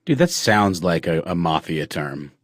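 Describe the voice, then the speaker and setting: Podcast guy with a really deep voice, joking around, easygoing, dry close mic. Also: very animated, measured pace, no room sound. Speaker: podcast co-host. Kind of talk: casual podcast chat.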